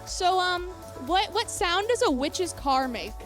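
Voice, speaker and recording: A woman's voice: extremely high pitch, very animated, unhurried, music in the background. A young woman co-hosting a youth livestream, joking around with hesitant fillers. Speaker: youth show co-host. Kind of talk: playful livestream banter.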